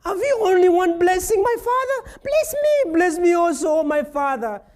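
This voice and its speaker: A man voicing a high, wailing, desperate son. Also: very animated, moderate pace, slight background noise. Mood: pleading. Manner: high, strained, wailing pleas. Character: grown son, pleading and desperate.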